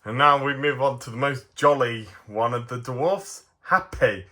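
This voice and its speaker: A man's voice: medium pitch, normal speed, hardly any pauses, sharp tone. A man reviewing toy figures in a casual, playful way, giggling often.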